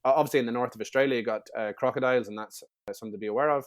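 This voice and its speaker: A man in his thirties talks quickly and loosely as an interview guest. He is chatty and keeps restarting his sentences. His pitch sits at an ordinary middle height. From Northern Ireland. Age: 30s. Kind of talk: casual storytelling interview.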